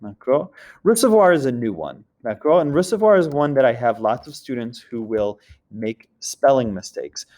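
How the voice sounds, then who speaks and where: A man at mid pitch teaches a French grammar lesson. He walks through the points one at a time and keeps checking that the students follow along. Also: lively intonation, normal speed, a little mellow. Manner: explains step by step with a repeated check-in question. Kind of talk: recorded classroom grammar lesson.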